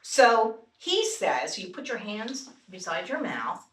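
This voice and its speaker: In a sing-song, mid-range voice with a fairly bright tone, a woman takes her time guiding a group vocal exercise at a church retreat. Playful and quick to laugh, she's congested from allergies and keeps her workshop talk casual. A distant mic in an echoey church room leaves a little hiss or hum.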